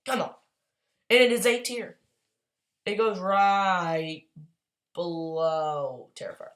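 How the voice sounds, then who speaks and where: A woman chatting casually as a YouTuber, gushing and excitable, rambling along with quick apologies. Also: on the low side. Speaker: YouTuber ranking movies. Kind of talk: casual tier-list chat.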